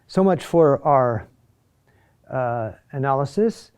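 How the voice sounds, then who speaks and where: A man teaching a chant lesson, explaining in short halting phrases with many fillers and asides, now and then singing a phrase slowly. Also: medium pitch, lively intonation, darkish tone, clean tone.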